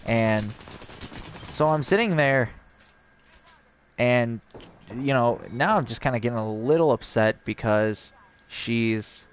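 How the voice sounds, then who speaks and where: A man's voice: medium pitch, slow pace, long pauses, slight background noise. A young man, a streamer, telling a long personal story in a casual, rambling way and acting out the dialogue. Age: young adult.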